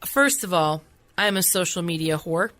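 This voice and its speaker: A young woman co-hosting a podcast, talking candidly and swinging into loud, exaggerated impressions. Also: on the low side, lively intonation, moderate pace. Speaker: podcast co-host. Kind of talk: candid casual chat.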